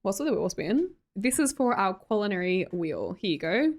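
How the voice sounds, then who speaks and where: Chatty Australian streamer woman, young, animated and bouncy delivery. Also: mid-range voice, normal speed. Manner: chatty, reads chat aloud, laughs often. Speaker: livestream host. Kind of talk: casual livestream chat.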